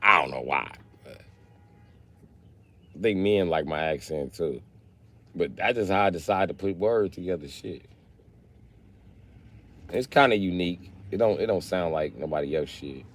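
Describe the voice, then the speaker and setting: A man's voice: low-pitched, lively intonation, moderate pace, long pauses, fairly bright tone. A man from Chicago hosting a casual livestream, answering his viewers with blunt, profane, joking banter. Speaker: livestream host.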